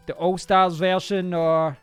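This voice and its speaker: Man, live-stream gamer, rambling casual chat, smooth resonant tone. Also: high-pitched, flat delivery, slow, no echo, faint music behind. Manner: rambling, chatty, reacts aloud to the game.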